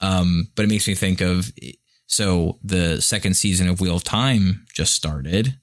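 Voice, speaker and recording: A man co-hosting a podcast in casual chat, rambling with lots of fillers, a little profane and quick to chuckle. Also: deep voice. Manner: profane and playful. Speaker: podcast co-host.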